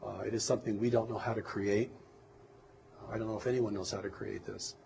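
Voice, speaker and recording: A man giving an interview, speaking in a measured, reflective way with some halting pauses. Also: lowish voice, fairly even intonation, creaky, darkish tone, slight background noise, low-quality recording. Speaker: interview guest. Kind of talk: earnest interview conversation.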